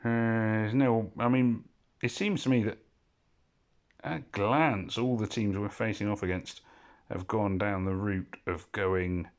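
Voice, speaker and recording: A man giving casual, rambling commentary as he plays a mobile puzzle game, often drifting off topic and correcting himself. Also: on the low side. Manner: rambling, digressive and self-correcting.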